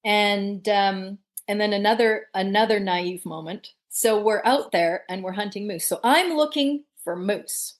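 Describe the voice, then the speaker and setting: A woman guest telling a story in conversation, lively and laughing often. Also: mid-range voice, unhurried, few pauses. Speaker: podcast guest.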